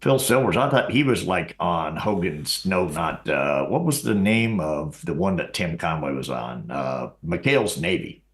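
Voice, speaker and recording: An older man with a low voice that swings widely in pitch. He co-hosts a loose livestream chat and throws in dry, joking asides. His voice carries a roomy echo. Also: expressive, a little slow, few pauses. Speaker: co-host.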